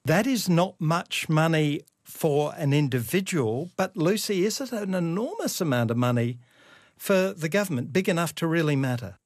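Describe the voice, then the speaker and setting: A man hosting a radio interview, asking questions in a measured way. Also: a little high, animated, dry recording, clean studio sound. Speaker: radio host.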